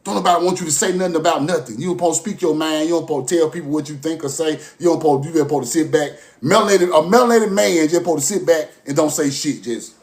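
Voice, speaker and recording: There's a creaky edge to this man's high voice as he speaks straight to the camera in a fiery, profane monologue. He keeps returning to the same lines, veering between forceful outbursts and hushed muttering.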